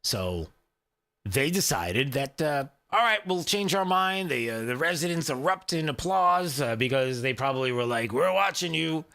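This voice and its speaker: A man's voice: mid-range voice, animated, normal speed, pushed and bright. A man hosting a talk radio show, rambling conversationally with plenty of fillers and restarts.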